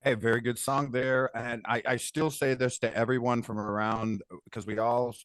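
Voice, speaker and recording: An American man talking on a podcast in an easygoing, rambling way. He laughs along and restarts his sentences. His voice sits at a middle pitch in a dry, close recording. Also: level tone, normal speed, a bit bright, no echo. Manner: loose, laughing, talks in restarts. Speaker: co-host reviewing songs. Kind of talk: casual chat.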